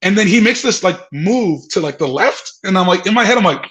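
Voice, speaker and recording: A man with a fairly high voice tells a story to podcast hosts, swearing freely. He laughs between lines and acts out the people in it. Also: lively intonation, a little fast, hardly any pauses, fairly bright tone, rough recording. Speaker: comedian guest. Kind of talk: animated storytelling.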